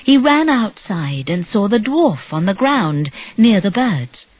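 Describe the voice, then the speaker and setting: Slow, breathy storybook narrator. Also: medium pitch, sing-song, dry recording, poor audio. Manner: clear, measured storytelling. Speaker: audiobook narrator. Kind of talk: slow graded-reader narration.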